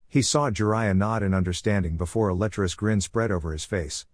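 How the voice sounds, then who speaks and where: A man narrating a fan fiction story in a steady, plain reading. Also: fairly low pitch, fairly quick, hardly any pauses, no echo, clean studio sound.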